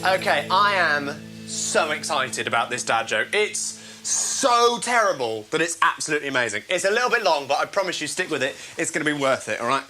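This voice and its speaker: A man hosting a casual comedy show from home, playful and self-mocking, quick to laugh at his own jokes. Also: a little high, very animated, pushed and bright, faint music behind, poor audio. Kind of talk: casual live show chat.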